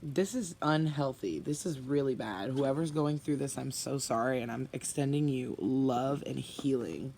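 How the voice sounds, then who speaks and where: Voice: mid-range voice, unhurried, few pauses, a little mellow, slight background noise. A tarot reader giving a spoken reading to viewers, blunt and emphatic, often sighing and sympathetic.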